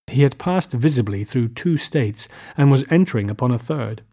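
A man narrating literary fiction aloud in a measured, unhurried way. His voice sits in a middle pitch range. It is a scripted audiobook reading. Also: animated, warm tone.

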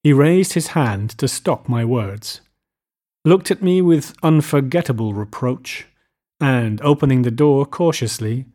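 A man narrating a literary novel as an audiobook, in a measured, even storytelling manner. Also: mid-range voice.

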